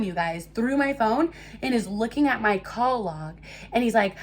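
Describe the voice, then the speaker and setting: A young woman telling a casual storytime to her viewers, animated and swearing freely. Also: medium pitch, moderate pace. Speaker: storytime vlogger.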